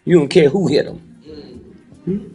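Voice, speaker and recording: A man's voice: on the high side, measured pace, dark tone, breathy edge, soft background music. A man in his eighties talking to a live audience in a preachy, joking way, keeps prodding the crowd with "huh?" and "hmm?". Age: 80s. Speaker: speaker addressing a live audience.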